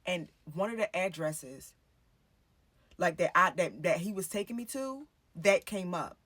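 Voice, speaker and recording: A woman's voice: on the low side, lively intonation, a little slow, a bit bright, no echo. A woman telling a personal story in a casual storytime vlog. She swears freely and acts out her own past dialogue as she goes. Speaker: storytime vlogger.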